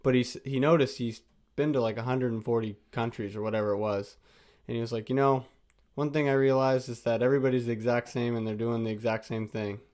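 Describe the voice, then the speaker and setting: A man hosting a podcast in a relaxed, amused way, chatting casually with his guest. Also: medium pitch, fast talker. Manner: relaxed, amused, short reactions. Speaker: podcast host. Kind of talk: casual chat.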